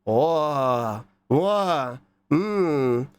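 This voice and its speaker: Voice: medium pitch, lively intonation, drawn-out words, clean tone, no room sound. A streamer with a stuffed-up nose from a cold, chatting casually and rambling while reading chat. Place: hot room indoors.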